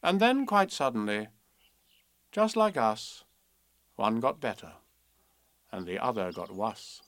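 A man reads children's poems and a storybook aloud in a measured, expressive way. His voice sits in a middle register. The recording is very dry and close, with no room sound. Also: medium pitch, dry recording. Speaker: narrator. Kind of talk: storybook and children's verse reading.

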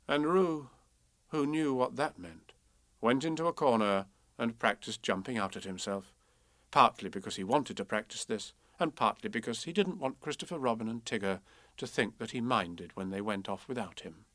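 A man reading a children's storybook aloud in a playful, expressive way. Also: medium pitch, normal speed, no echo, clean studio sound.

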